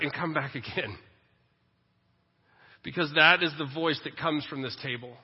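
Husky middle-aged man preaching. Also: fairly high pitch, a little slow, pauses often. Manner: swings from loud emphatic to soft tender. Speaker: pastor. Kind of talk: sermon. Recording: echoey hall, dull lo-fi audio.

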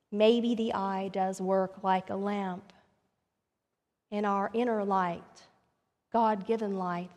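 A woman pastor preaching a sermon, telling a story and rising to emphatic questions. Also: mid-range voice. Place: church sanctuary. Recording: long reverb of a church sanctuary.

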